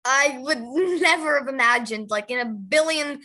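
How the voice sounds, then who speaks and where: A young woman with a bright, high voice answers interview questions. She gushes with enthusiasm and giggles often. She keeps the easy tone of a press junket chat. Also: normal speed. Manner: bubbly and giggly, gushing with enthusiasm. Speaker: actress interviewee.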